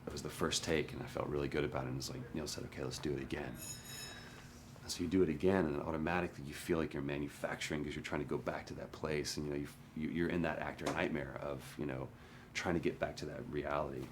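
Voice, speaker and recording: A male actor candidly recalling a hard shoot, frank and at times dropping to a hush. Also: a bass voice, steady tone, fast, background noise. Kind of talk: candid interview recollection. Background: music.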